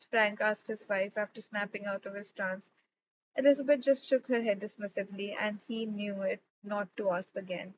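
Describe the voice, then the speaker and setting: A woman narrating a novel chapter in a calm, measured reading. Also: medium pitch. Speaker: audiobook reader. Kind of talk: audiobook narration. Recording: slightly dull recording with faint noise.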